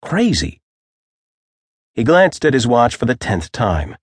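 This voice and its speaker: A man narrating an audiobook in a measured, even storytelling manner. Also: mid-range voice, husky, dry recording, studio quality. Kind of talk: scripted narration.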